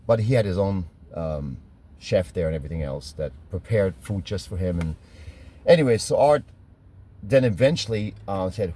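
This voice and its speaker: A man's voice: low-pitched, animated, moderate pace, mellow. A middle-aged man from Germany with a German accent, telling stories in a rambling, self-correcting way and laughing at his own memories. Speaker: fitness trainer telling stories. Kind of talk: casual storytelling monologue.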